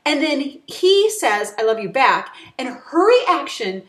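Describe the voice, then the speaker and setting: Lively chatty woman co-hosting a recap. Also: slow pace, reverberant. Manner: animated, swears, breaks into high excited quoting. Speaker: recap show co-host. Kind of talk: casual chat. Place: at home, dog nearby.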